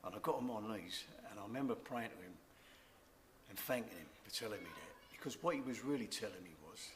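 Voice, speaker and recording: A man's voice: on the low side, lively intonation, brisk, slight background noise. An older man sharing a personal faith testimony, earnest and reflective, repeating key words. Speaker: church member giving testimony.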